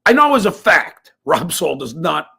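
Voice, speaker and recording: Brief: male host, high gravelly voice, lively loud interjections. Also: moderate pace. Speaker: podcast host. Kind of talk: casual podcast banter.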